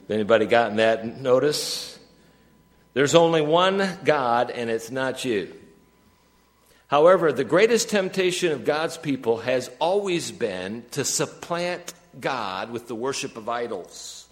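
A man preaching a sermon as pastor, reading scripture with rising emphasis and dropping to quiet, conversational asides. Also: medium pitch, lively intonation, measured pace. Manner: rises to emphatic peaks when reading scripture, drops to soft asides. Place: church sanctuary.

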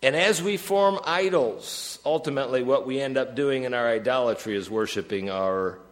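A man preaching a sermon as pastor, reading scripture with rising emphasis and dropping to quiet, conversational asides. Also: medium pitch, normal speed. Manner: rises to emphatic peaks when reading scripture, drops to soft asides. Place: church sanctuary.

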